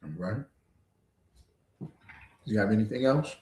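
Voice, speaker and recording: A man's voice: on the low side, measured pace, warm tone, reverberant. A man teaching a livestreamed scripture class, lecturing emphatically with rhetorical questions.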